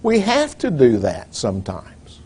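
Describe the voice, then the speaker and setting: A man preaching a sermon in a measured, deliberate way, posing rhetorical questions to the congregation. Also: medium pitch, wildly swooping pitch, mellow, husky.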